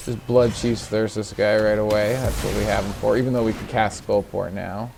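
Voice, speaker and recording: A man's voice: on the low side, fairly even intonation, normal speed, vocal fry, a little mellow, soft background music. Chatty man explaining a card deck. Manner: rambling, chatty, laughs at himself. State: yawning, a little tired. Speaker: gaming video host. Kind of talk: casual deck walkthrough and gameplay commentary.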